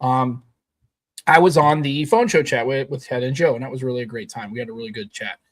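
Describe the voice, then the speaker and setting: A man's voice: medium pitch, fairly quick. A man co-hosting a casual tech podcast, rambling and emphatic, swearing now and then. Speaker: podcast co-host.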